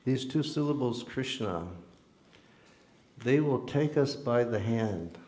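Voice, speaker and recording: A man's voice: medium pitch, a little mellow. A man giving an informal devotional talk in a temple, speaking earnestly and conversationally. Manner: conversational, earnest, with ordinary fillers. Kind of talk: informal sermon with storytelling. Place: temple hall during a festival. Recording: echoey hall.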